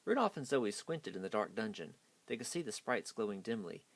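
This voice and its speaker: A man's voice: on the low side, sing-song, a little fast, breathy edge. A man hastily reading a children's picture book aloud. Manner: hasty reading. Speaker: storyteller.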